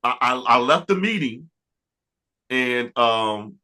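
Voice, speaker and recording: Bright-voiced man telling stories. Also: mid-range voice, slow pace. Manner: animated, laughing storyteller with many restarts. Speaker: R&B producer, interview guest. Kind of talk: storytelling in a casual interview.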